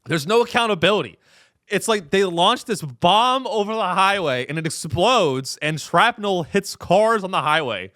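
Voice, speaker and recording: A man's voice: high-pitched, expressive, normal speed, a bit bright, dry recording, clean studio sound. A young man hosting a comedy show, ranting in a profane, rambling way and slipping into mocking voices. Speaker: comedy podcast host. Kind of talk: comedic rant.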